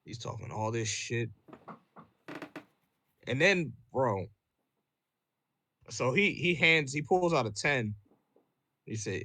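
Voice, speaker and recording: A man on a podcast telling a story in casual chat, profane and animated, full of fillers and "bro". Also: medium pitch, slow, pauses often.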